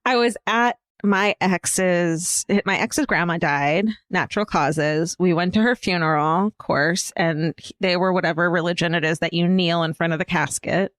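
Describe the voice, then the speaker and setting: A woman co-hosting a comedy podcast, reading out a listener's story and telling her own anecdotes in a lively, casual way, laughing often and swearing freely. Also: on the low side, moderate pace, few pauses, dry recording, studio quality. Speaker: podcast co-host.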